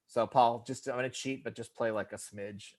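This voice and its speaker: A man's voice: mid-range voice, fairly even intonation, moderate pace. A man in his thirties co-hosting a podcast, chatting casually and animatedly, swearing and acting out quotes in funny voices. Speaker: podcast co-host. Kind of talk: casual chat.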